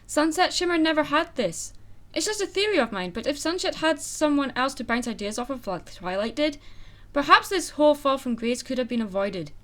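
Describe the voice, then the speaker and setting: A young woman reviews a film for her channel, dry and sarcastic in her asides. Her voice sits high and swings widely, bouncing between mock outrage and calm explanation. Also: a little fast. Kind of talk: comedic video review.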